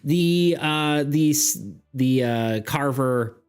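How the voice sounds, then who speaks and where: A man's voice: fairly high pitch, very slow, clear, resonant tone. A man running a streamed tabletop game, rambling and hesitant, with self-deprecating asides. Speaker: game master. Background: faint background music.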